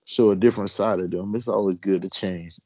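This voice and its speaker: A man with a lowish voice who chimes in with brief, easygoing takes on the wrestling card. The sound is dry and close, and the audio is dull. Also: fairly even intonation, a little fast, darkish tone, no echo. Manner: short laid-back reactions. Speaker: podcast co-host. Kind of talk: casual wrestling recap chat.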